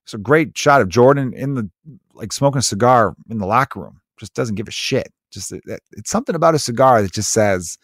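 A man's voice: mid-range voice, lively intonation, fairly quick, no room sound, studio quality. A man in his mid-thirties riffing in a casual, sarcastic, profane comedic monologue as a podcast host. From United States. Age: 30s. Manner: rambling, profane, sarcastic storytelling.

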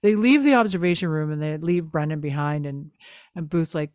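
Exasperated young woman co-host, low-pitched. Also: brisk, no room sound, clean studio sound. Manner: animated and exasperated, lots of "like". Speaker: podcast co-host. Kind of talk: casual chat recapping a TV episode.

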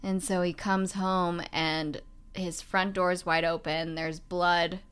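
A young woman talks candidly about her past, her sentences running on and looping back with steady fillers. Her voice sits a little low and comes across smooth and clear. She tells it plainly, without dressing it up. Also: slow pace. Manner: frank, speaks in loose run-on clauses with many "like" fillers. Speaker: guest. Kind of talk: candid storytelling in conversation.

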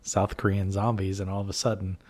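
Joking man with a lowish voice. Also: little pitch movement, darkish tone. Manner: teasing, laughs often, quick back-and-forth. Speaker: podcast co-host. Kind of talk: casual film discussion.

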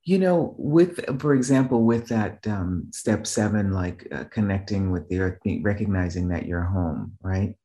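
A man with a fairly low voice tells stories in a casual, rambling way. He often checks in with "right?" and restarts his sentences. When he quotes other people, he lifts his voice into a higher register. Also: animated, measured pace, hardly any pauses, dark tone. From Boston area, US. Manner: acts out quoted voices in a raised pitch. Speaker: guest, business trainer. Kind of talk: casual conversational storytelling.

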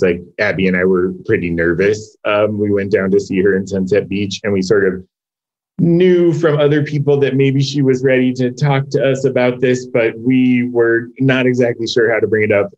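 A man with a deep, low voice speaks in a relaxed interview. He is a series co-creator and talks thoughtfully, often backing up to restart a sentence. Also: muffled recording. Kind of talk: casual interview talk.

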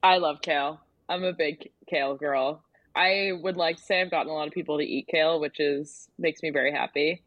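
A woman food creator guesting on a podcast, upbeat and relaxed, laughing often as she chats. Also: low voice, a little fast, dry recording, lo-fi sound. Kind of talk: casual interview chat.

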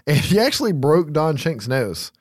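A man's voice: on the high side, moderate pace, no room sound. Profane man recapping a movie, dry. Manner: profane, animated storytelling with laughs. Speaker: podcast host recapping a film. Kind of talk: casual chat.

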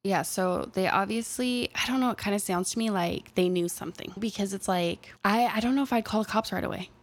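A woman's voice: medium pitch, a little fast. A woman co-hosting a podcast, casually telling a true-crime story and acting out the quotes. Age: adult, has a young son. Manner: animated storytelling, acts out quotes. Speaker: podcast co-host.

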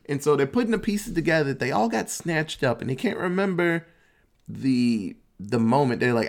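A man's voice: medium pitch, brisk. A man casually recapping a movie plot, acting out the characters' quotes, swearing and laughing as he goes. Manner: animated storytelling, acts out quotes, swears, laughs.

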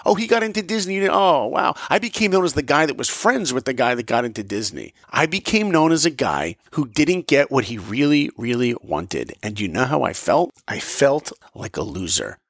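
Guy telling a story, gravelly, super lively pitch, dry close sound. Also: normal speed, few pauses, dry recording. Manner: animated, acts out dialogue. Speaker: motivational podcast speaker. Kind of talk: personal storytelling talk.

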